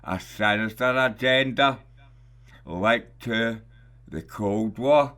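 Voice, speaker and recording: A man hosting a radio show, delivering a slow, emphatic, indignant monologue full of rhetorical questions. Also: on the low side, fairly bright tone.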